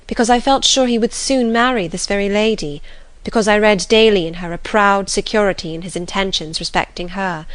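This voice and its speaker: A woman reads a classic novel aloud in a calm, gentle storytelling manner. Her pitch sits in a middle range. The recording is dry and close. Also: no room sound. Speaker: audiobook narrator. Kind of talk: scripted classic novel narration.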